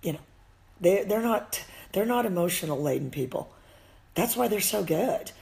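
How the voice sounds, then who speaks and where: A woman's voice: mid-range voice, animated, moderate pace, gravelly, a little mellow, rough recording. A woman with a Midwestern accent, an e-collar dog trainer giving a blunt, emphatic live-stream rant and swearing freely. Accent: Midwestern American.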